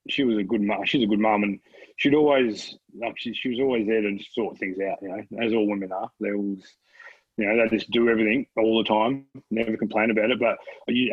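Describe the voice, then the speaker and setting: A husky Australian man in his thirties chats loosely and swears freely, breaking into laughs as he tells stories about his kids. His voice comes through a dry, slightly muffled close mic. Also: on the low side, dry recording. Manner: laid-back, swears freely, laughs often. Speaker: podcast guest. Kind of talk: casual chat.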